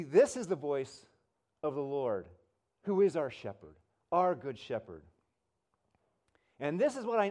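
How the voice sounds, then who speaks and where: A man preaching a sermon as pastor, telling stories conversationally and swinging from loud and emphatic to soft and hushed. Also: a little high, sing-song, a little slow, long pauses. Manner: conversational storytelling, swells loud then drops soft.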